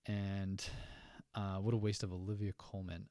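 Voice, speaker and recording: Male fan-news host, low gravelly voice, dry close mic, loose chatty delivery. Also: flat delivery, moderate pace, warm tone, dry recording. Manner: chatty, loose, many fillers and asides. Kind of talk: casual commentary reading chat.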